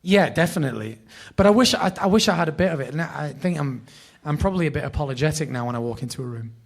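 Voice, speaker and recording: A man with a northern English accent, a podcast guest telling animated, self-deprecating, sweary anecdotes. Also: on the high side, quick pace, gravelly. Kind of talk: anecdotal storytelling.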